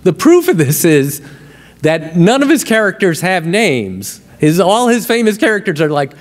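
A man's voice: sits high, very animated, moderate pace. A man, a comedy writer, telling behind-the-scenes stories to an audience in a wry, punchline-driven way. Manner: wry, punchline-driven, gets louder and livelier at the jokes. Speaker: TV comedy writer and guest speaker. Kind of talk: storytelling talk to an audience. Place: lecture hall with a live audience. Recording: long hall reverb.

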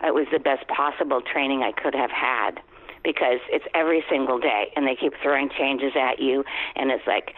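A woman in her fifties, a guest actress, telling stories in a chatty, animated way and acting out quoted lines. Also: very deep voice, moderate pace. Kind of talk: casual interview storytelling. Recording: tinny phone line.

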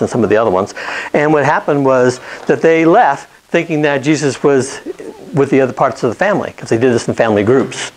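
Man, mid-pitched voice, informal Bible lesson, conversational, restarts his sentences, keeps asking "okay?". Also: rough recording. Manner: conversational, often checks in with "okay?". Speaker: Bible teacher.

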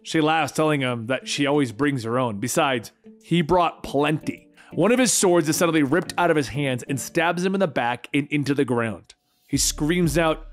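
A man narrating a comic book story in a lively, quick recap style. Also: a little high, soft background music.

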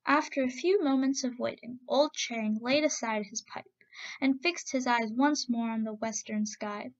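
A woman narrating a folk tale in a steady, expressive reading voice. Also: on the high side, a little slow, highs cut off. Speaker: storyteller. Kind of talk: storybook narration.

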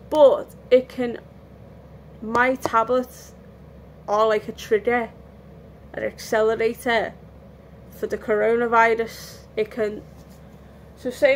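A vlogger with a slightly high voice chats casually at home during lockdown, sounding tired and candid. She meanders, begins sentences again and lets out the odd yawn. Slight background noise is audible.

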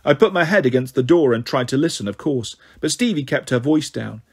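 A man reading a children's novel aloud as a storyteller, in an even, measured way. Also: mid-range voice, husky.

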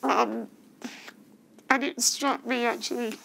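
A woman giving tearful, halting testimony at a public inquiry, her voice breaking as she restarts her sentences. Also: fairly high pitch, steady tone, creaky, sharp tone, a little hiss or hum, poor audio. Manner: halting, emotional, restarts often. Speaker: witness giving evidence. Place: hearing room.

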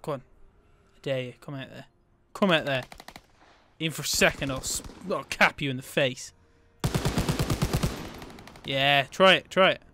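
A British man giving casual, excitable gameplay commentary as a gaming channel host, bantering with himself. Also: medium pitch, a little slow, pauses often. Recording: game gunfire and noise behind.

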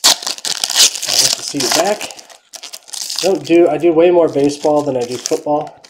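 During a trading card break, the female host chats casually as she goes and mutters quietly to herself while looking over cards. She's low-pitched and speaks at a moderate pace, with a bit of hiss or hum audible.

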